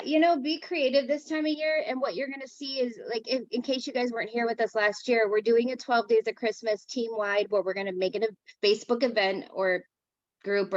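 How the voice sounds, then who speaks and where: Enthusiastic woman co-host, slightly high voice, chatty, dry muffled video-call sound. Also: steady tone, brisk, no room sound. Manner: enthusiastic, laughs easily. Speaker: round-table co-host. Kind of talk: casual chat.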